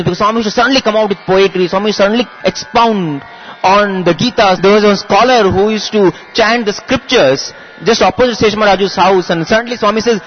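A man's voice: sits high, quick pace, dull audio, slight background noise. A man earnestly telling a devotional story. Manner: earnest, shifts into acted voices and chanting.

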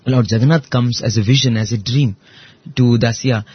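A man telling a devotional story in conversation, animated and full of fillers. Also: mid-range voice, moderate pace, breathy edge, dry recording, muffled recording. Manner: animated, acts out voices in quotes, many fillers.

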